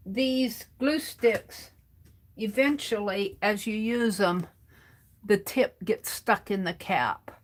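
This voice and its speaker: Speaking slowly at a medium pitch, an American woman runs a craft livestream, chattering to herself and her audience as her hands stay busy. Now and then she moves away from the microphone.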